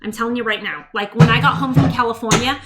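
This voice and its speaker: A woman's voice: a little high, fairly even intonation, fast, loud music behind the voice, poor audio. A woman hosting a casual cooking livestream from her home kitchen, chatty and bubbly, reading viewer comments and talking to her toddler. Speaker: cooking stream host and mother.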